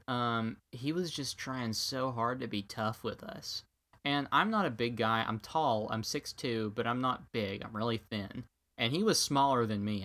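A young podcast co-host tells a story in a wry, joking manner during a casual chat, voicing what people said. His voice sits at medium pitch with a fairly bright tone.

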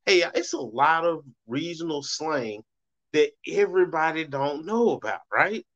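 Rambling Southern man, higher voice. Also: expressive, a little slow, fairly bright tone. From Southern United States. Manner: loose, rambling, swings voice up for quoted reactions. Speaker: show host. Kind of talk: casual monologue. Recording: muffled lo-fi recording.

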